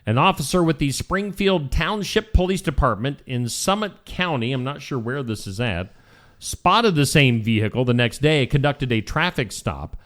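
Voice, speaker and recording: A man's voice: medium pitch, animated, fairly bright tone. A man hosting a live morning show, reading offbeat news stories in a casual, wry way. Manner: wry, playful, with quick put-on accents.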